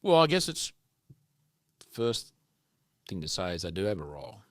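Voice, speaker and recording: An Australian man telling animated stories and sometimes swearing as a podcast guest. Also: sits low, moderate pace, dry recording, studio quality. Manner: animated storyteller, casual swearing. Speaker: guest farmer. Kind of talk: casual podcast conversation.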